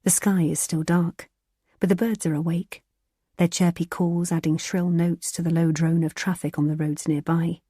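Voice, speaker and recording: A woman narrating a thriller audiobook in a measured, even storytelling manner. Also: on the low side, breathy edge, no echo, clean studio sound.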